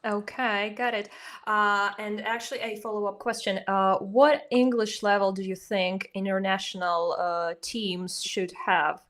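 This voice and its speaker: A woman hosting an interview, whose first language is Russian. She speaks at a middle pitch and lays out her points step by step, like a teacher summing up. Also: level tone, fairly bright tone. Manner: measured, explanatory, teacherly. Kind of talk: conversational interview.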